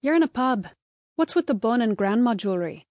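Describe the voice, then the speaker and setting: A woman voicing a blunt, sarcastic Irish bartender in her mid-thirties, speaking in a bored monotone in an audiobook. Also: on the high side, fairly quick, no room sound, clean studio sound, voice pushed up, close to an everyday voice. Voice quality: flat monotone, sarcastic and abrupt.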